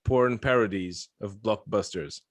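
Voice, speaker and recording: Male podcast host from Lithuania, low voice, dry close sound, loose joking chat full of restarts. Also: measured pace, no echo. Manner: rambling, joking, frequent restarts. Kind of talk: casual chat.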